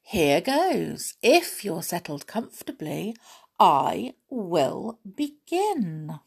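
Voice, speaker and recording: Slow, breathy woman reading aloud. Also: fairly low pitch, sing-song. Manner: playful, chatty, laughs often. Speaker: parent reading a story aloud. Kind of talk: casual chat and storybook reading.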